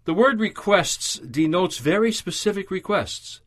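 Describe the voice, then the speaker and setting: A man's voice: sits high, animated. Earnest man preaching a radio devotional. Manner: measured, earnest, emphatic reading. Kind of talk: scripted radio devotional sermon.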